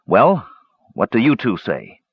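A man voicing a gruff, blunt young male warrior who growls and mutters, recorded dull and lo-fi. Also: lowish voice, wildly swooping pitch, takes it slowly, no room sound, exaggerated voice.

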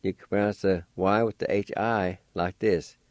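A man's voice: low voice, fairly even intonation, moderate pace, no echo, studio quality. A man teaching a radio language lesson, patiently spelling out words syllable by syllable and encouraging learners to practice.

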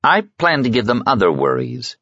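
A male narrator voicing a confident male investigator who talks smoothly and persuasively, with a husky voice. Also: medium pitch, huge pitch swings, normal speed, pushed and bright, dry recording, pitched above the performer's own voice, heavily acted. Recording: slightly muffled sound.

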